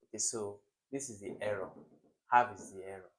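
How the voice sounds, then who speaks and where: Lively man teaching an exam lesson. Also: lowish voice, brisk, low-quality recording. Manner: lively, emphatic, quizzes viewers with rhetorical questions. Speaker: exam prep tutor. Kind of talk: classroom-style exam lesson.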